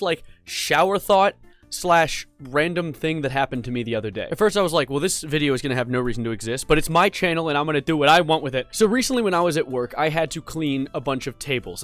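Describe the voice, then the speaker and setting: A man's voice: a little high, a bit bright. A young man casually vlogging from home, goofy and rambling, with self-mocking asides. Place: home room with a cat. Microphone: desk mic.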